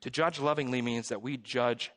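A man in his forties, a pastor, preaching a sermon in a church in a conversational, animated storytelling way with self-deprecating jokes. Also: medium pitch, moderate pace. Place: church sanctuary. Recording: long reverb of a church hall.

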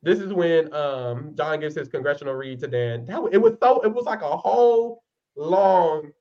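A man's voice: fairly high pitch, expressive, moderate pace, lo-fi sound. A man co-hosting a podcast, recapping a reality show in casual chat, blunt and profane with sassy asides. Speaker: podcast co-host.

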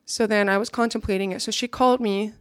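A woman's voice: medium pitch, steady tone, quick pace, clean tone, dry recording, studio quality. A young woman giving an earnest, reflective personal testimony to a gathering, now and then checking her notes.

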